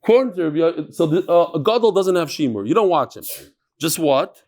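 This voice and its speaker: A man's voice: on the high side, expressive, brisk, a little mellow. A man teaching a live Talmud class, bantering with his listeners and mixing Yiddish and Hebrew terms into his talk.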